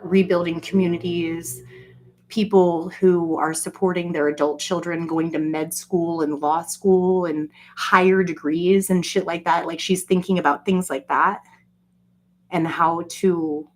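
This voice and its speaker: A woman's voice: measured pace, slight background noise. A woman in a casual solo monologue, ranting profanely with lots of fillers and acting out quoted voices. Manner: profane, animated, jokey rants with frequent fillers; acts out quoted voices with jumps in pitch. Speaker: solo vlogger.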